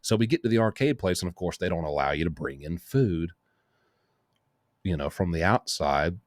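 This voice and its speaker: A man's voice: deep voice, normal speed, no echo, clean studio sound. A man hosting a casual show, telling a long, rambling story with many asides. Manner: rambling, lively anecdote full of asides. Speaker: host.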